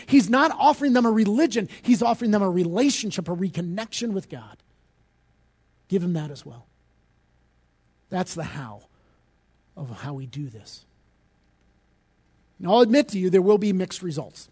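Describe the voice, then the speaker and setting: A man preaching a sermon as pastor, earnest and direct, rising to emphatic peaks and dropping low. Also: expressive, moderate pace, long pauses, a little mellow, breathy edge.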